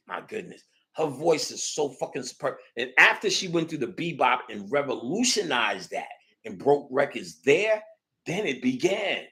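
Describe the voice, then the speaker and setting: Guy on a podcast telling a wild story, swears a lot, gets loud then goes quiet. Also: mid-range voice. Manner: profane, excitable storytelling; swings between loud bursts and hushed asides. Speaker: podcast host. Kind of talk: casual chat.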